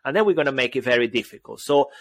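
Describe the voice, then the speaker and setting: A man's voice: mid-range voice, lively intonation, very fast, dry recording. A man with a Spanish accent, a native Spanish speaker, co-hosting a podcast in playful, rambling chat. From Spain. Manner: playful, laughs often, rambling. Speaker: podcast co-host.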